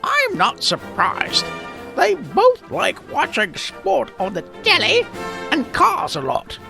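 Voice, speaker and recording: A man putting on a falsetto voice and a mock British accent to play a gossipy British woman. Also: wildly swooping pitch, takes it slowly, vocal fry, over music, heavily acted. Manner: falsetto, chatty.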